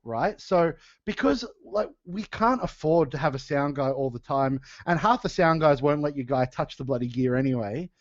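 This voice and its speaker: A man's voice: on the high side, dry recording. A man chatting casually on a podcast, laughing often and restarting his sentences. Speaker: podcast co-host and metal band singer. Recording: dull lo-fi sound.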